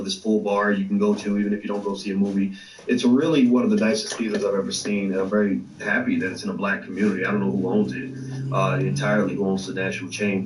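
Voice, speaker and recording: This male livestream host has a fairly low pitch and an animated, profane delivery riddled with fillers and false starts. It's a casual online show, recorded from afar in an echoey room with slight background noise.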